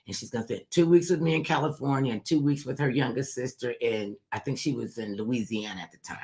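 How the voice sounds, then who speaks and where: A woman radio host telling a family story with lively, animated delivery, acting out the voices of relatives. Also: very deep voice, fast talker. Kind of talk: storytelling on a talk show.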